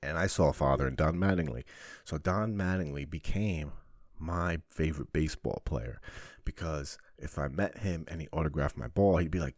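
Deep voiced guy in his 40s, rambling swear-y stories, dry close sound. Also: animated, a little fast, no room sound. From New Jersey, US. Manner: rambling, profane, jokey. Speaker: podcast host. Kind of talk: personal storytelling monologue.

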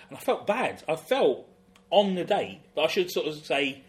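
A man's voice: a little high, very animated, normal speed. A man cohosting a casual comedic chat show, self-deprecating and laughing through his own stories. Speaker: podcast co-host.

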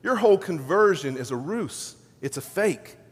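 A man's voice: high-pitched, expressive, moderate pace, slightly rough. A preacher giving voice to a scornful male devil who taunts and accuses, heard with long hall reverb. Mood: taunting.

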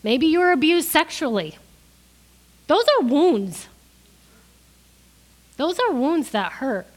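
A woman's voice: sits high, sing-song, slow, pauses often. A middle-aged woman preaching a sermon, crying as she gives an emotional testimony that builds to emphatic peaks.

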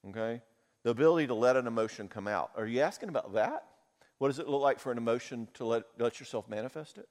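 A man's voice: medium pitch, fast, darkish tone. A man giving a conference talk, telling personal stories candidly and with feeling. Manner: candid, storytelling, emotional. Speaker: conference speaker. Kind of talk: talk with audience Q&A. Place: conference hall. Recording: reverberant hall.

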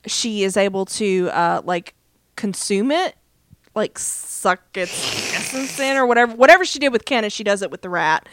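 A woman's voice: medium pitch, smooth, no room sound, studio quality. A woman co-hosting a podcast, retelling a TV episode in a rambling way full of "um" and "like". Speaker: podcast co-host. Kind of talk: casual TV recap chat.

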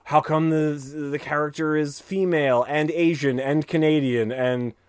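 A man's voice: on the high side, steady tone, moderate pace, smooth, no room sound, studio quality. A man co-hosting a podcast in casual chat, sarcastic and profane, ranting and joking. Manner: sarcastic, profane, rants with jokey put-on voices. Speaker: podcast co-host.

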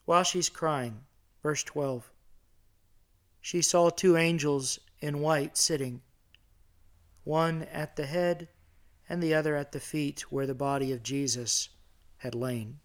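A middle-aged man preaching a sermon in a church sanctuary. He talks conversationally, asks his listeners questions and builds in intensity. His voice sits slightly high for a man. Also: fairly even intonation, slow pace, pauses often. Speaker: pastor.

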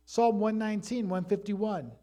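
A man preaching a sermon, telling Bible stories with lively animation and acting out the characters. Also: sits high, normal speed. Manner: animated storytelling preacher, acts out voices in stories. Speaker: pastor.

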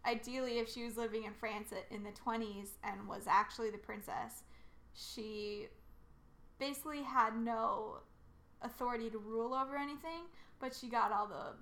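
A woman's voice: on the high side, fairly bright tone. A woman co-hosting a casual podcast chat, explaining things in a chatty way and swearing casually. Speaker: podcast co-host.

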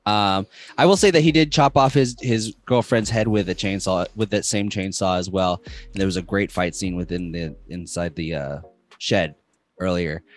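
A man's voice: deep voice, steady tone, normal speed. A man casually recapping a horror movie plot, rambling and filled with ums and uhs. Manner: rambling, filler-heavy retelling. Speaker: podcast co-host.

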